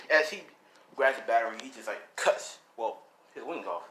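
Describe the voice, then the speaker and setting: A man's voice: medium pitch, animated, moderate pace, fairly bright tone, a little hiss or hum. A man casually making up and narrating a fan story, rambling with many fillers. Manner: rambling, full of "you know" and "like".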